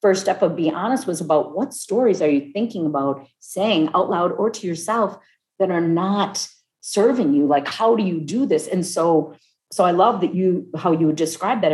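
A woman in her fifties talking casually and warmly about marriage, acting out other people's voices as she tells stories. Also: fairly low pitch, expressive, normal speed. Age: 50s. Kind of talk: casual heartfelt conversation. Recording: echoey room.

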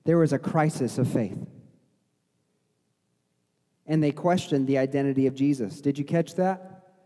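A man's voice: mid-range voice, a little slow, warm tone, long reverb tail. A middle-aged man preaching a conversational sermon as pastor, sometimes acting out the crowd's voices. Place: church sanctuary.

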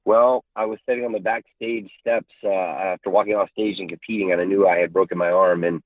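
A man's voice: low voice, steady tone, a little fast, dry recording. A man being interviewed as a guest, earnest and polite, chuckling as he tells stories. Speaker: guest, martial arts champion. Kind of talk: casual interview chat. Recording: tinny phone line.

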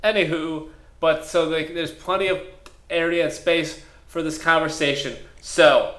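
A man co-hosting a comedy podcast, rambling and deadpan as he riffs on an imagined movie. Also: a little high, measured pace. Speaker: podcast co-host. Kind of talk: casual comedic chat.

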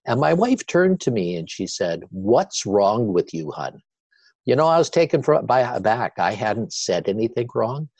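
An older man, a guest on an interview show, telling his story with animated repetition. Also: medium pitch, no echo.

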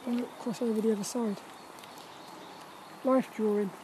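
A vlogger with an English accent chatting quietly and rambling while walking by a river in the woods. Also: mid-range voice, fairly even intonation, a little slow, noisy background. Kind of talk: casual walk-and-talk vlog. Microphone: camera carried while walking.

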